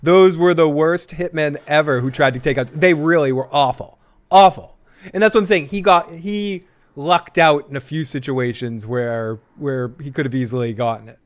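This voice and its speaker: A man with a Boston accent chats casually on a live watch-along show. His voice sits a bit high for a man. He rambles into side stories and laughs easily along the way. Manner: chatty, rambling, quick asides and laughs. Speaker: co-host.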